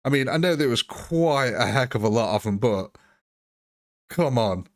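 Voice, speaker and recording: A man hosts a live game stream in a relaxed, chatty way. He jokes and answers viewers one by one by name. His voice sits at an ordinary middle pitch. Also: moderate pace. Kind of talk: live gameplay commentary answering chat.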